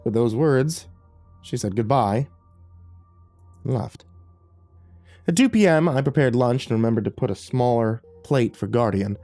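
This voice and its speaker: A man narrating a first-person horror story in a measured, tense way. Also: mid-range voice, warm tone, faint music behind.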